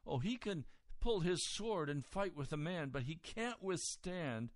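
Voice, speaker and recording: A man preaching a sermon, retelling a scripture story and moving from quiet reading to loud, raised emphasis. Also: fairly high pitch, animated, unhurried, no echo.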